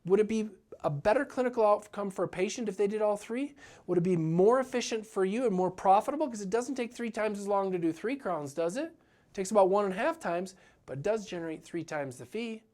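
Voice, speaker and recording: A practice coach delivers a motivational business talk in a high, slightly mellow voice, with lively intonation and a slightly quick pace. He is earnest and direct, often acting out what his clients say.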